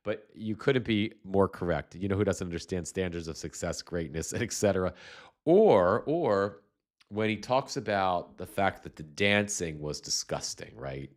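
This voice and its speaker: In an unhurried manner with lively intonation, a very low-voiced man hosts a casual political livestream. Sarcastic and meandering, he frequently restarts his sentences, and a slight cough remains from the cold he's getting over.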